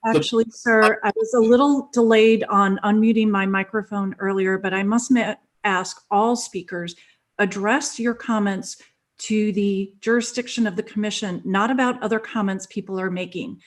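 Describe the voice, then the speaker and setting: A woman chairs a public meeting in a firm, procedural way. She insists speakers stay on topic. Her pitch sits in a middle range for a woman. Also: fairly even intonation, normal speed. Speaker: commission president.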